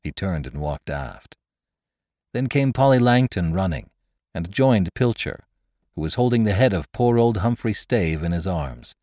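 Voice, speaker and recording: A man reads a classic adventure tale with a low voice that rises and falls dramatically. He takes his time over the words, recorded close and dry. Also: no echo. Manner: dramatic, expressive reading. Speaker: narrator. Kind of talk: audiobook narration.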